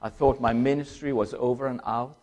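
An older man, a former pastor and missionary, giving a personal testimony in an emotional, halting way, in short phrases. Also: mid-range voice, steady tone, darkish tone.

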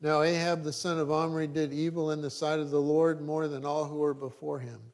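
A man's voice: on the high side, flat delivery, a little fast. A middle-aged male pastor preaching a sermon, reading scripture and adding dry joking asides.

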